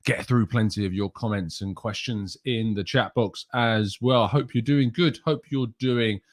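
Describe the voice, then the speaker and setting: A man's voice: on the low side, a little slow. A young man hosting a casual live stream, chatting and reading out viewers' names and comments. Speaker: host.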